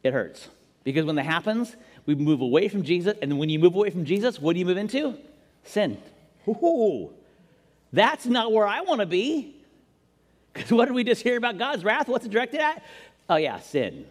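Lively, high-voiced male pastor preaching. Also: brisk. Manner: animated, jokey, acts out quotes. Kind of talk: sermon. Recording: long reverb in a large hall.

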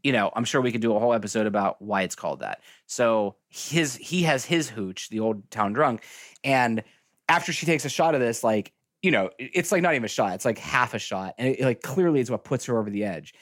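In a clean, echo-free studio recording, a man with a mid-range voice talks fairly quickly. He's a podcast co-host rambling animatedly through a casual movie chat, packed with "like" and other fillers.

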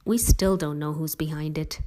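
A woman's voice: low-pitched, steady tone, moderate pace, mellow, lightly acted. A woman voicing a tired, protective middle-aged father in a read-aloud story, speaking earnestly and firmly.

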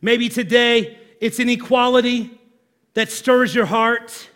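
A male pastor preaching a sermon to his congregation, animated and conversational, asking the room questions. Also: very high-pitched, slow.

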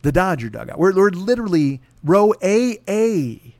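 A man with a fairly high voice tells a rambling comic story, profane and animated, jumping into other people's voices as he goes. The sound is dry and close, with no room around it. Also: moderate pace, no room sound. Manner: animated, swears constantly, acts out other people's lines. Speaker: podcast host telling a story.

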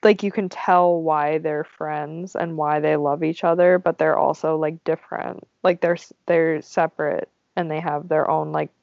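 A woman's voice: deep voice, fairly even intonation, normal speed, vocal fry, hardly any pauses, darkish tone, no echo. A young woman co-hosting a casual movie podcast, giggly and saying "like" constantly. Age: young adult. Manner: giggly, heavy on "like". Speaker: podcast co-host. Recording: dry, muffled lo-fi audio.

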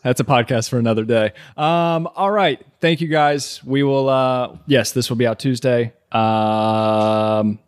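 A man hosting his own podcast in casual chat, his voice sitting at an ordinary mid pitch. He is laid-back, laughs often and swears without a second thought. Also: a little slow, few pauses, clear, resonant tone. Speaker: podcast host.

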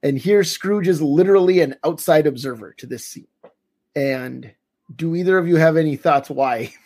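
A man hosting a podcast in a relaxed, chatty way. His voice sits a little high and has a husky edge. He steers the talk and keeps handing questions to his co-host and guest. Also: normal speed. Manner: leads the talk and poses questions. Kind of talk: casual podcast chat.

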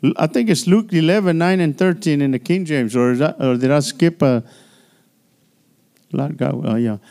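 An older male pastor preaches in a high, light voice. He moves between lively exhortation and chatty, laughing asides, as if talking straight to the congregation in church. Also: normal speed, gravelly. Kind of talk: sermon.

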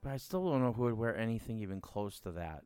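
A man's voice: fairly low pitch, lively intonation, fast, warm tone, clean tone, no echo, faint music behind. A man hosting a comedy podcast, reading out odd news stories with wry, laughing asides. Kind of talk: casual comedy podcast chat.

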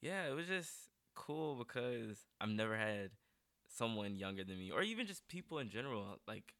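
A man's voice: lowish voice, fairly bright tone, dry recording. A young adult man from North Carolina, a guest artist in a casual interview, talking earnestly and emotionally with lots of "like". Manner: earnest, emotional, heavy use of "like".

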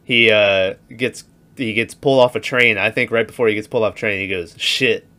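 Man, podcast co-host, casual movie chat, bright tone, animated retelling. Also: fairly low pitch, fairly quick. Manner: animated, laughs while retelling scenes.

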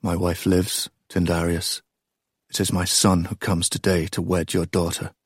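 A proud, boastful king, blunt and deep-voiced, as the narrator plays him. Recorded close and dry, with no room around him. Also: flat delivery, a little slow, husky, dry recording.

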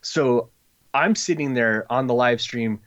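In an unhurried, medium-pitched voice, a comic book creator tells a rambling story on a podcast, casual and full of fillers, acting out others' voices. Slightly dull lo-fi audio.

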